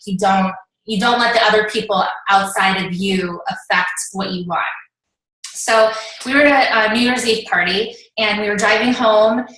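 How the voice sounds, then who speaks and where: A woman's voice: fairly high pitch, bright, forceful tone, far from the mic. A young woman coaching others, telling her own story in a chatty, upbeat way with lots of "like". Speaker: network marketing coach. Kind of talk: casual storytelling to an online audience. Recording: echoey room, off-mic.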